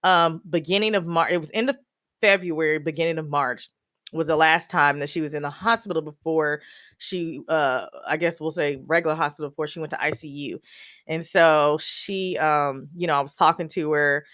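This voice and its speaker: A woman's voice: deep voice, steady tone, moderate pace, fairly bright tone, no room sound, clean studio sound. Chatty woman laughing through grief. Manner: laughs often while telling sad memories; many fillers like "you know" and "um". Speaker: podcast host. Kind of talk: personal storytelling, casual.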